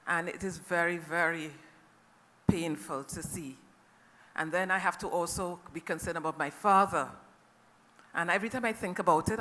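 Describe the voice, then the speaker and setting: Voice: medium pitch, pushed and bright. A middle-aged caregiver from Trinidad and Tobago, with a Trinidadian accent, gives an earnest, emotional personal testimony to a conference audience and often checks in with them. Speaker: family caregiver speaking at a conference. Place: conference hall. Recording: long reverb of a conference hall.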